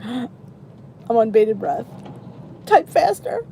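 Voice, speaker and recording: A middle-aged woman with an expressive, mellow mid-range voice speaks a little slowly while hosting a casual live weight loss chat from a cozy downstairs room. She chats easily and greets viewers by name as their comments arrive, with a little hiss or hum in the audio.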